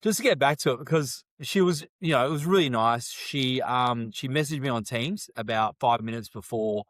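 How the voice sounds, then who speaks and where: Lively male podcast host telling stories. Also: medium pitch, normal speed, no room sound, clean studio sound. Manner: animated storyteller, laughs often. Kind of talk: casual chat.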